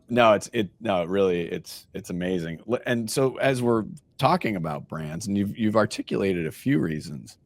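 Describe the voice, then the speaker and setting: A man's voice: lowish voice, gravelly, no room sound. A man hosting an interview, joking around and laughing often as he asks questions. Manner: jokey, animated, laughs often. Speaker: interviewer, host. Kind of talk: casual interview chat.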